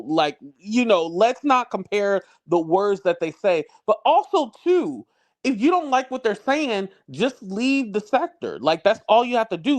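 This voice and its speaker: Blunt, high-voiced man arguing heatedly. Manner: blunt, confrontational, repeats himself for emphasis. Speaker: livestream panel speaker. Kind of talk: heated argument on a livestream.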